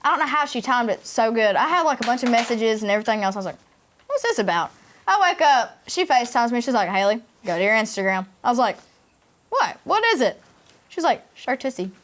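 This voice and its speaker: A woman's voice: a little high, expressive, quick pace, a bit bright. A young woman with a Tennessee Southern accent, hosting a casual chat with friends and telling crude, laughing stories. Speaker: podcast host.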